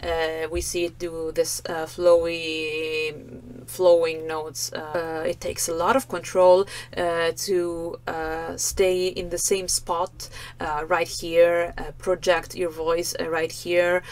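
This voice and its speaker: Woman vocal coach, lowish voice, unhurried, filler-heavy analysis. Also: flat delivery. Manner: thoughtful, many fillers, demonstrates vocal sounds. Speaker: vocal coach reacting to a performance. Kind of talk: reaction video analysis.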